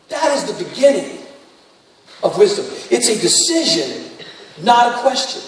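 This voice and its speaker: A man's voice: extremely high pitch, very animated, normal speed, fairly bright tone. A man preaching a sermon, telling stories and then rising into fervent exhortation. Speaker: pastor. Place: large church sanctuary. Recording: distant echoey hall, faint room noise.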